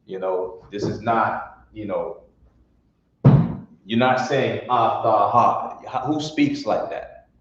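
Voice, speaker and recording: Slow, low-voiced man teaching in an echoey room. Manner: sounds out syllables, blunt and informal. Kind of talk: classroom lesson on pronunciation. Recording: echoey room from far off, dull lo-fi.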